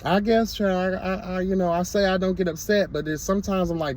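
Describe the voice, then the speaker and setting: A man with a high, darkish voice rattles off a to-camera vlog rant at a quick pace, barely pausing. He's sassy and emphatic throughout, repeatedly exclaiming "girl" and "hello, God."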